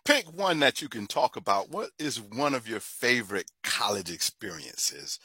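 A man interviewing with a very bright, lively voice that swings up and down. He is playful and laughs a lot, and his voice is slightly husky, heard close with no room sound. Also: on the low side, normal speed, dry recording. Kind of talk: casual interview talk.

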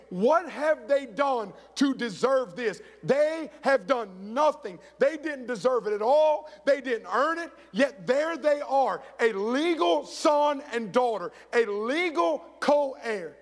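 This pastor's voice is very high and expressive, moving slowly with few pauses as he preaches. He tells stories and performs the quoted voices of their characters, his words echoing through the church sanctuary.

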